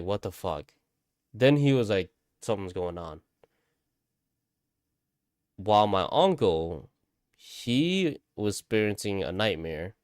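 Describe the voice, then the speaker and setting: A man's voice: on the low side, clear, resonant tone, no echo, studio quality. A man casually telling a spooky story, rambling, repeating himself and swearing often. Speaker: vlogger.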